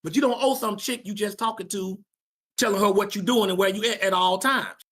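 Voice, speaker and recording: A man's voice: high-pitched, a little fast, pushed and bright. A man leads a Sabbath class with blunt, slangy advice for young people. He talks emphatically and keeps hammering his points home by saying them twice. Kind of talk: informal preaching to young people.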